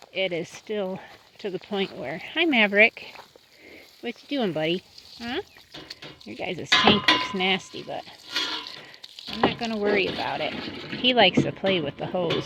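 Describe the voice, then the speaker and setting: A homestead farmer with a mid-range voice chats casually outdoors at her farm while tending her horses, cooing at them in baby talk and now and then scolding them. There is background noise.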